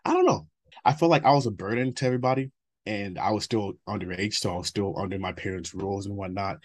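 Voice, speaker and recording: Low husky man, blunt and fast. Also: steady tone, a little hiss or hum. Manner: blunt, profane, laughs between stories. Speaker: interview guest. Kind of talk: candid personal interview.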